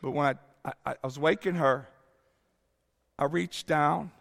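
A man in his fifties preaching a sermon, telling a candid personal story that moves from hushed lines to exclaiming ones. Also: on the high side, steady tone, a little slow, vocal fry, big-room sound. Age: 50s. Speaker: pastor.

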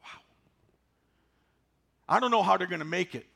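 A man in his sixties preaching a sermon, folksy and animated, driving points home with repetition. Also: high voice, moderate pace, gravelly, slightly rough. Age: 60s. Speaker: pastor.

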